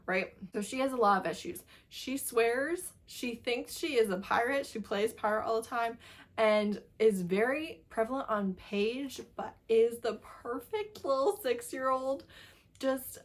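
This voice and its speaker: A woman chatting casually in a book review vlog, gushing and animated, laughing often. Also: medium pitch.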